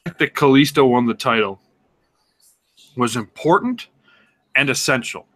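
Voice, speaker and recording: A man co-hosting a casual sports podcast, excitable and sarcastic, swearing and laughing as he talks. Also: mid-range voice, moderate pace. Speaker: podcast co-host.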